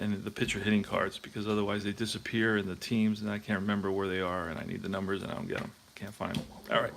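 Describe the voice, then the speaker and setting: Man, low gravelly voice, casual tabletop baseball host, thinking aloud, faint background hiss. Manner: thinking aloud, checking scorebooks, many fillers. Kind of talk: casual talk while playing.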